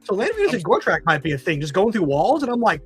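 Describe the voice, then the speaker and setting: A man's voice: high voice, sing-song, quick pace, faint music behind. A man hosting a casual podcast chat, telling rambling self-mocking stories full of fillers. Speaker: podcast host.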